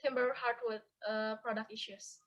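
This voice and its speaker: A woman's voice: fairly high pitch, little pitch movement, moderate pace, dull audio. A woman moderating a session, politely reading audience questions aloud.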